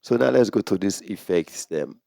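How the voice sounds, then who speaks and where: A man with a fairly low, vocal-fry voice hosts a casual how-to tech tutorial, walking through equipment step by step at a moderate pace. He sounds relaxed and leans on lots of "so"s. He speaks into a condenser microphone through a sound card, and the studio-quality recording has no echo.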